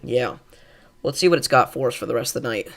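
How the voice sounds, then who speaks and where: A man hosting live severe weather coverage, calmly reassuring viewers and thinking aloud with fillers as he reads radar. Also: medium pitch, fast. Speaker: weather livestream host.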